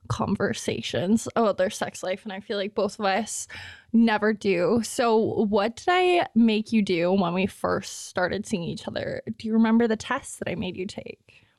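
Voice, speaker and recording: A woman's voice: medium pitch, dry recording. A young adult woman hosting a podcast, chatting candidly and laughing often. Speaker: podcast host. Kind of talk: casual chat.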